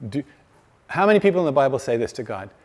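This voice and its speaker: Male speaker, mid-pitched, conversational faith talk with acted-out quotes; long hall reverb. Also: very animated, fast talker. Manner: conversational storyteller, acts out quoted dialogue. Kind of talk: faith-based talk to a live audience.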